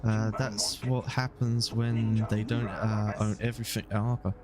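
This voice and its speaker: A man's voice: fairly low pitch, little pitch movement, unhurried. A man with a London accent streaming a game, joking, crude and rambling with fillers. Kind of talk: casual game commentary.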